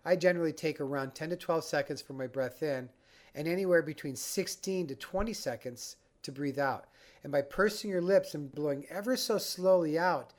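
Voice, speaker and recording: A man teaching a breathing exercise for anxiety, guiding the listener step by step in a calm, instructive way. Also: fairly high pitch. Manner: calm, guiding, acts out the panicked mind. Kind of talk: instructional talk.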